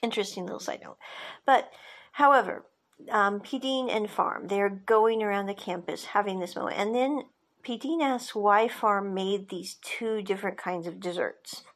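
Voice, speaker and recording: A woman's voice: medium pitch, moderate pace. A woman podcast host giving a chatty, digressive recap of a TV drama, with side notes along the way.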